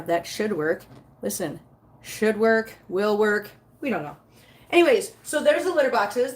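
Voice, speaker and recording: A woman with a slightly high voice talks casually to her live viewers while she cleans up after her cats at home, laughing easily and stopping to talk to the cats. The sound comes from a phone set up nearby in an echoey room. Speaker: cat vlogger reading live chat. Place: home with many cats, litter box area.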